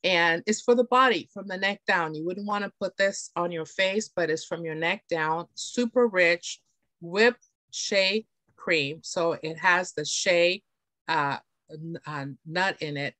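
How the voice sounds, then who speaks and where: A woman's voice: fairly low pitch, a little slow, pushed and bright, no echo. A woman presenting beauty products in a chatty, enthusiastic way, often checking in with her audience. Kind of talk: live product demonstration. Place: home, on camera.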